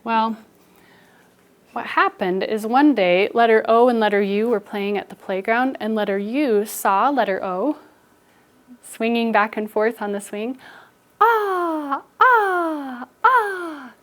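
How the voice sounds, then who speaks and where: A young woman teaching an elementary phonics lesson in a classroom, telling stories and coaxing the students along in a lively, playful way. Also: fairly high pitch, measured pace. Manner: animated storytelling, playful and expressive with students.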